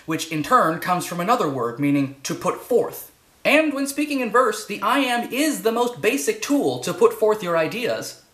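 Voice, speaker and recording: A woman's voice: medium pitch, fairly bright tone. A woman gives a casual online lesson, playful and enthusiastic, her voice swooping up and down with lots of melody. The recording carries a noticeable roomy echo. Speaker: online teacher. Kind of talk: casual educational talk.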